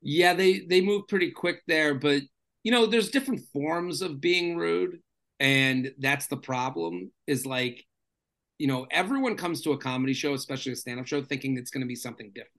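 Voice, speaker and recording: Brief: male comedian guest, casual chat, slightly high, gravelly tone, loose and rambling. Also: normal speed. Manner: rambling, filler-heavy, animated storyteller.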